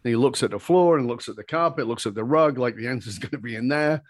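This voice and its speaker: A man speaks as an interview guest, a communication skills teacher recounting his experiences. His delivery is animated and emphatic, climbing into excited peaks as he retells exchanges. His voice sits in a middle pitch, recorded close and dry with almost no room sound. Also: fast, dry recording. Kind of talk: animated personal storytelling in conversation.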